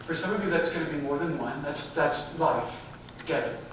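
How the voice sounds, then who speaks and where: A man's voice: on the high side, moderate pace, background noise. A man giving a live talk on diversity to a company audience, speaking directly and putting questions to the listeners. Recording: very echoey hall, mic far off.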